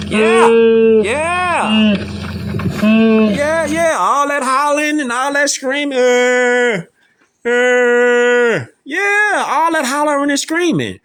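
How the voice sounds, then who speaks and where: A man's voice: extremely high pitch, lively intonation, slow pace, fairly bright tone. A man giving mocking, slangy reaction commentary as an online commentator, taunting and repeating himself.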